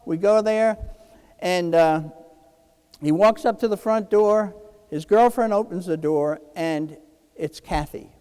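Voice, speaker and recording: A man's voice: high voice, takes it slowly, pauses often, smooth, big-room sound. A man in his sixties from New Jersey gives a keynote speech, telling a personal story and acting out the dialogue. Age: 60s. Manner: animated, acts out quoted dialogue. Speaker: keynote speaker.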